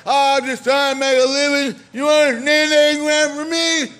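Guy yelling a furious cursing rant, voice way up high and strained, pleading in between. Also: level tone, normal speed. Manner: screaming, profane, pleading. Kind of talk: angry rant.

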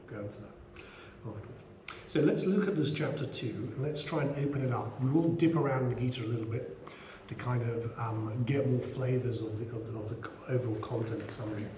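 A man's voice: mid-range voice, dull audio. Chatty middle-aged man teaching scripture. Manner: chatty, many asides and "you know". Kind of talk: relaxed class discourse. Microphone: small action camera. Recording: roomy room, faint background hum.

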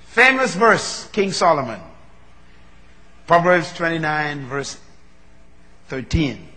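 A man preaching a sermon, moving from low, measured talk to loud, fervent preaching. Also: big pitch swings. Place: large hall. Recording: long reverb of a large hall.

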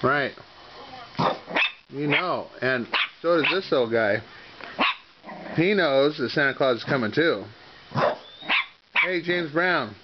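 A man's voice: fairly high pitch, lively intonation, slow, long pauses. A man talking to his pet dogs in playful, coaxing baby talk on a home video. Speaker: dog owner filming his pets. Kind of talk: home video chatter to pets. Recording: muffled home video with background noise.

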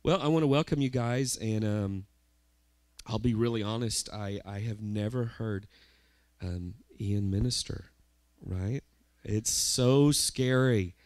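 A man's voice: fairly low pitch, takes it slowly, a little mellow, dry recording. A man, the church's pastor, introducing a guest speaker in a chatty, informal way.

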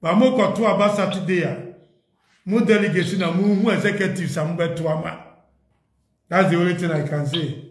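A man's voice: high voice, normal speed, pauses often. A man with a Ghanaian accent making an earnest, pleading appeal to party leaders, mixing in English. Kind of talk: impassioned appeal, Twi mixed with English. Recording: echoey room.

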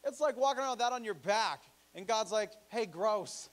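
A male pastor preaching a sermon in a church, animated and joking, acting out the voices he quotes. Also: sits high, fast talker.

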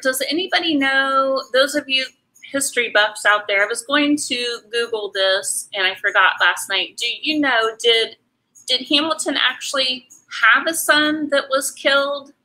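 A woman's voice: high voice, pushed and bright, rough recording. A middle-aged woman chatting casually while she paints, answering viewer comments in a rambling way with many ums and restarts. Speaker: artist hosting a live painting stream.

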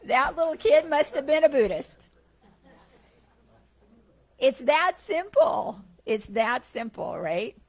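A woman giving a Sunday spiritual talk, telling stories in a chatty, animated way. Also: high-pitched, moderate pace, vocal fry. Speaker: guest speaker at a spiritual center.

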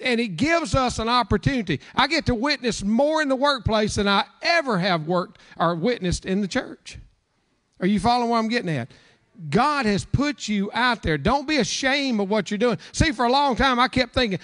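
A man's voice: very high voice, animated, moderate pace, a bit bright. A man pastor giving informal closing remarks at a church service, talking in a rambling way full of stumbles and repeated words.

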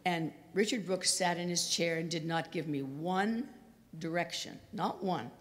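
A woman's voice: fairly low pitch, a little slow. Older woman telling stories in a hall. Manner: chatty, anecdotal, acts out quoted lines. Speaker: guest speaker. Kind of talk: storytelling talk. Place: university lecture hall. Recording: reverberant hall.

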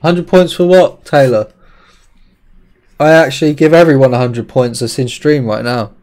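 A man's voice: medium pitch, normal speed. A man, a streamer giving loose live gameplay commentary, swearing often and chatting with his viewers. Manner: excitable, swears a lot, chats with viewers.

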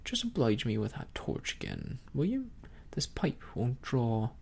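A scornful old pirate captain speaks in a whispered role-play, his voice deeply gravelly and breathy, as a storyteller puts him on. He drawls slowly and contemptuously, as if the rest of the crew is beneath him. Now and then he drifts a little farther from the mic. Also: huge pitch swings, a little mellow, exaggerated voice. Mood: mocking.

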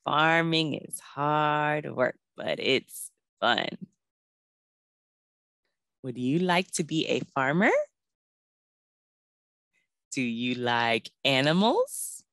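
A woman's voice: sits low, lively intonation, drawn-out words, long pauses, a bit bright, no echo. A woman teaching a preschool class, coaxing the children to repeat words and join in songs.

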